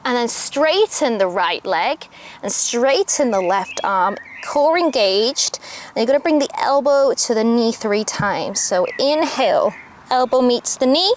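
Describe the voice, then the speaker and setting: A young adult woman teaching a yoga class outdoors, giving calm step-by-step cues. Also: a little high, unhurried, a little hiss or hum. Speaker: yoga instructor. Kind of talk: guided yoga class instruction. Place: outdoors, birds audible. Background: faint outdoor ambience with birdsong.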